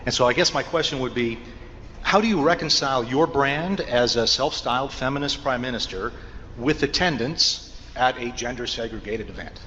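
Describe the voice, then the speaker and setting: A man's voice: medium pitch, normal speed, sharp tone, a little hiss or hum. A male reporter asking a carefully worded, hesitant question at a press conference. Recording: archival clip, reverberant hall, dull audio, faint ambience.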